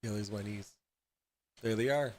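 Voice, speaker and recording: A man hosting a casual livestream, drunk and high, rambling and halting over fillers as he talks. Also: noisy background. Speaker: host.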